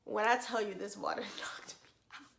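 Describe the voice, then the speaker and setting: A young woman vlogger telling a story in casual chat, animated and dramatic, laughing often. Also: mid-range voice, normal speed, creaky, roomy sound.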